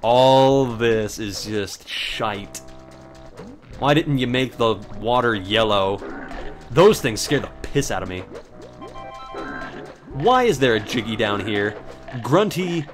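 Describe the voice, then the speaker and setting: A man's voice: mid-range voice, sing-song, measured pace, long pauses, faint music behind. A young man casually commentating a video game, rambling through a sarcastic story about work and swearing freely. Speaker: gameplay commentator. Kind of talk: casual let's play commentary.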